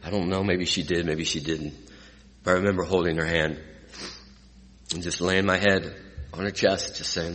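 Deep-voiced man testifying in a reverberant hall. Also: moderate pace. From California. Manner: earnest, emotional, swings from hushed to lively. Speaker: recovery speaker. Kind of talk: personal testimony to an audience. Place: hall with a live audience.

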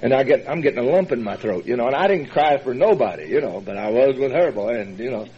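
Guy telling his recovery story, folksy and halting, lots of uhs and little laughs, mid pitch, muffled lo-fi recording. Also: animated, breathy edge. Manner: folksy, halting storyteller with many fillers and chuckles. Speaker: recovery meeting speaker. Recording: dull lo-fi recording.

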